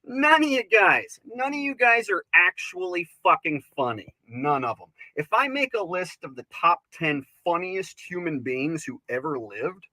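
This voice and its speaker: A man performing as a crude male stand-up comic in a recorded bit, swearing, mocking and building up to shouts. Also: sits high, animated, a little slow, few pauses, dry recording, voice pushed up, exaggerated voice, poor audio. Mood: ranting. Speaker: stand-up comedian.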